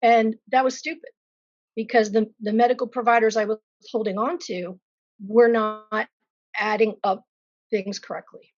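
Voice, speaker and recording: A woman, interviewed as a patient, candidly and vividly describes her own illness, adding self-deprecating asides as she shares her story. Her voice is a little high with fairly even intonation and normal speed, recorded lo-fi with no echo.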